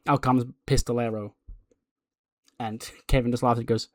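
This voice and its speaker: A male let's play host narrating a wrestling sim game, casual and chatty as he recaps what happened. His pitch sits in the middle, and the recording is dry and close with no room sound. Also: flat delivery, fast, no echo.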